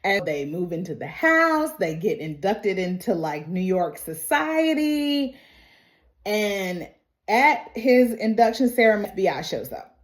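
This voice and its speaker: A woman's voice: mid-range voice, very animated, unhurried. A woman talks through a film's plot in a loose, chatty way. She laughs often and slips into the characters' lines as she goes. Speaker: movie reviewer. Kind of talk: casual movie recap.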